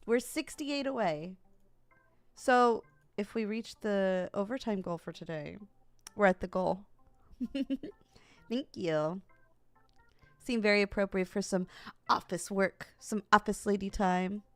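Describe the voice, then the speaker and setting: A young woman's medium-pitched voice comes slowly, with long pauses, on a dry recording. She's streaming and chatting casually with viewers, animated and giggly, laughing frequently and talking directly to chat.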